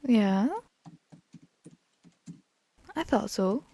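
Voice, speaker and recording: A woman's voice: mid-range voice, drawn-out words, warm tone. A woman co-hosting a podcast in casual chat, curious and thinking aloud with lots of questions. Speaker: podcast co-host. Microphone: remote call.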